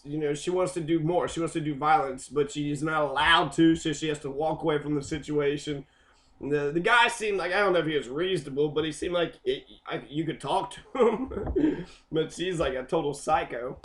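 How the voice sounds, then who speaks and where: A man with a high, bright, ringing voice talks through a clip in loose, rambling commentary. He swears freely, drifts between points and leans on fillers as he rants. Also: normal speed. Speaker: video commentator.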